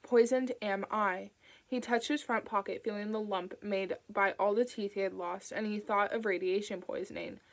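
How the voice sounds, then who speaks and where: A woman narrating an audiobook in a calm, even storytelling manner. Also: medium pitch, moderate pace, few pauses, rough recording. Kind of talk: audiobook reading.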